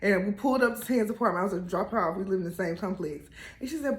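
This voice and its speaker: A woman telling a story in a casual, animated way, laughing and acting out quotes. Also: medium pitch, quick pace, reverberant. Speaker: co-host telling their couple story.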